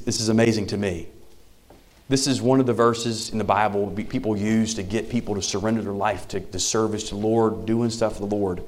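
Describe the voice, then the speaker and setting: Man preaching a lively sermon. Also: fairly low pitch. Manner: animated preaching, swinging from loud emphasis to soft near-whisper. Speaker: pastor.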